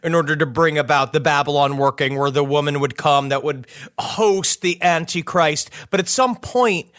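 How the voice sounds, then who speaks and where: A man's voice: fairly high pitch, moderate pace, a bit bright, no room sound, clean studio sound. A man co-hosting a comedy podcast, riffing in rambling casual chat with many restarts. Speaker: podcast co-host.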